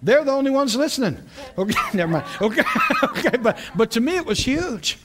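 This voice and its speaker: Pastor, male, high voice, lively storytelling sermon. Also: fairly quick, background noise. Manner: animated storytelling with frequent laughs and repeated words. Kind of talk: sermon, teaching a class.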